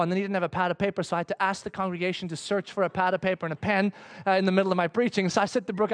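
A pastor from Africa preaching a sermon, telling a story animatedly and acting out its dialogue. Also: male voice, sits high, fairly even intonation, rapid-fire.

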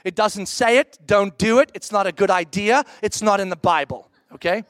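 High-voiced middle-aged man preaching. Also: moderate pace, no echo. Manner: candid, animated, acts out quoted reactions. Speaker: pastor. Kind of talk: conversational sermon with storytelling.

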